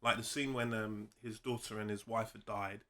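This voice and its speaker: A man's voice: lowish voice, steady tone, moderate pace, bright, forceful tone. A man co-hosting a casual film review chat, gushing with enthusiasm and laughing as he talks.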